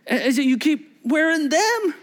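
A middle-aged man preaching a sermon as pastor, telling stories with voiced quotes and dropping to a hushed near-whisper for emphasis. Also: very high-pitched, normal speed. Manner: animated storytelling with voiced quotes and asides.

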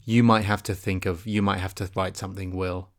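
Deadpan man with a low voice. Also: a little fast. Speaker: podcast co-host. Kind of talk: comedic podcast banter.

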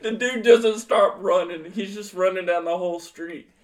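A man's voice: sits high, moderate pace, slight background noise. A young man casually telling a profane story to friends on a podcast, laughing as he goes. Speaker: podcast co-host.

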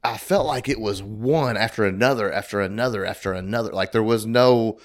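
A man's voice: lowish voice, a little fast. Rambling, profane male storyteller. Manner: rambling, profane anecdote-telling. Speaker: podcast co-host. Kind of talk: casual chat, storytelling.

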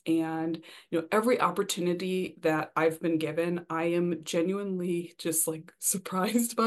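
Bubbly, lower-voiced woman author. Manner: bubbly, excited, laughs often, says "um" and "you know". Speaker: debut romance author, podcast guest. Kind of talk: casual interview chat.

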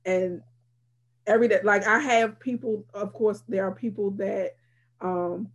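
A woman's voice: mid-range voice, steady tone, measured pace. A woman who works as a teacher, chatting casually and telling teasing stories about her workplace. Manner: playful, teasing storyteller. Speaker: teacher, podcast co-host. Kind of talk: casual chat.

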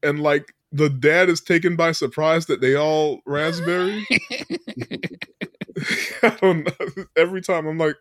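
A man with a fairly high voice co-hosts a podcast, recapping a movie scene by scene at normal speed. He laughs often and acts out quotes as an animated storyteller, recorded in a clean studio with no room sound.

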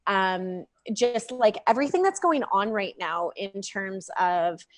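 A chatty, upbeat woman speaks over a video call, often saying "like" as she explains. Her voice sits at an ordinary middle pitch for a woman. The sound is dry and close, with no room echo. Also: animated, unhurried. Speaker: podcast guest, NLP practitioner. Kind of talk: casual conversation.

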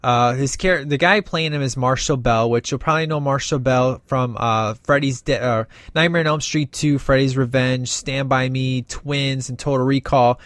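A man's voice: mid-range voice, moderate pace, hardly any pauses, no room sound. A man casually retelling a film's plot, acting out the characters' lines with plenty of fillers. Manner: animated retelling, acts out quoted dialogue, many fillers. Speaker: movie reviewer. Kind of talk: casual film recap.

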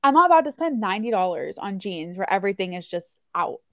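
Relaxed woman podcast host. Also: medium pitch, quick pace, no echo, clean studio sound. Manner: relaxed, emphatic, plain-spoken. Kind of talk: casual chat.

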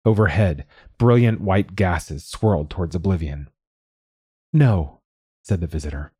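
A man narrating a scripted story in a slow, measured reading. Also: sits low, darkish tone, husky, dry recording, clean studio sound. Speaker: narrator and host.

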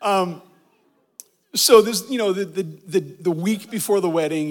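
A man's voice: a little high, gravelly. A man telling a story about his wedding in a casual way, with many ums and restarts. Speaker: guest, husband telling a story.

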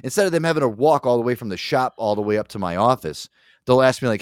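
A man's voice: medium pitch, fast talker, dry recording, studio quality. Laughing, swearing podcast host guy. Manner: profane, laughing, animated storytelling. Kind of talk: casual chat.

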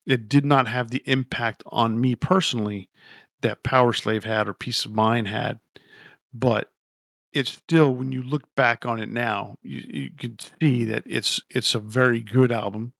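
A man's voice: medium pitch, fairly even intonation, measured pace, creaky, a bit bright, dry recording, clean studio sound. A man co-hosting a casual podcast, rambling and opinionated, swearing casually as he talks. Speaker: podcast co-host.

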